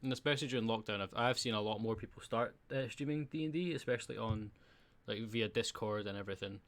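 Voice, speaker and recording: A Scottish man hosting a podcast, easygoing and quick to laugh along. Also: on the low side. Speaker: podcast host. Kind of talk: casual podcast interview.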